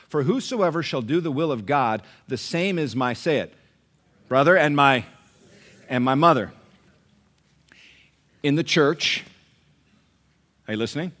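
A male pastor preaching a sermon, animated and questioning the congregation directly. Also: medium pitch.

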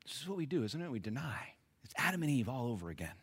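A male pastor preaching an emphatic, deliberate sermon. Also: medium pitch, very animated, husky.

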